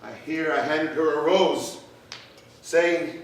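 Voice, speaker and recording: Man telling a dramatic tale, slow. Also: a little high, fairly even intonation, a little hiss or hum. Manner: measured, emotional storytelling that rises to shouts. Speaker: storyteller, stage performer. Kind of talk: dramatic spoken-word performance. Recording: echoey hall from far off, faint ambience.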